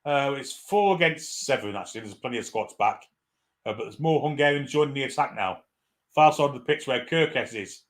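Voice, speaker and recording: Guy doing cheeky live fan commentary, swearing and reading out chat, ordinary middle pitch. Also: animated, a little fast. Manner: irreverent, swears, reads out viewer comments.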